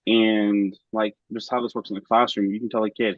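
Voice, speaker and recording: A man who works as a teacher, sharing an idea earnestly and quickly in a group chat. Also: lowish voice, level tone, no room sound, lo-fi sound. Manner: earnest, fast, ramps up as he talks. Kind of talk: casual chat.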